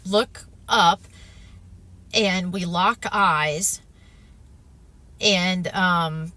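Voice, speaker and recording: A woman telling a personal spiritual testimony in an earnest, emphatic way, often pausing with "um" and "if you will". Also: on the low side, bright, forceful tone, no echo. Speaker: storyteller sharing a near-death experience.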